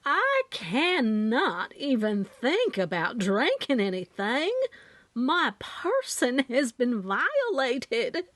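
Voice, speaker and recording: A woman voicing a hysterical, showy Southern woman with a Southern accent, shrill and melodramatic. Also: huge pitch swings, very slow, fairly bright tone, dry recording, heavily acted. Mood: wounded indignation.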